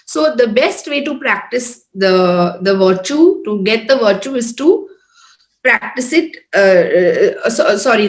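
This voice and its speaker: A middle-aged woman giving an informal talk at a prayer group, earnest and conversational, often checking with "correct?". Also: a little high. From Oman-based, Indian. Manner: earnest, conversational, repeats tag questions. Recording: echoey room.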